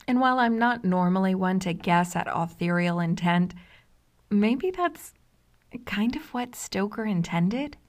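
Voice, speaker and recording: Measured woman narrating a video essay. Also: mid-range voice, lively intonation. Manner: measured, analytical, explanatory. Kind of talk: scripted narration.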